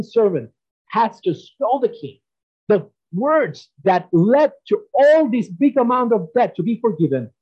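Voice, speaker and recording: A man preaching a sermon, emphatic and animated, often asking his listeners questions. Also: high voice, takes it slowly, breathy edge, muffled recording.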